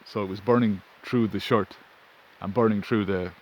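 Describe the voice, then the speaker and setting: Low-voiced man telling a rambling story. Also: steady tone, moderate pace, a little mellow. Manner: rambling anecdotal, self-interrupting. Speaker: vlogger. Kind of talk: casual storytelling. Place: outdoors in wind. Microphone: phone. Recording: faint wind and ambience.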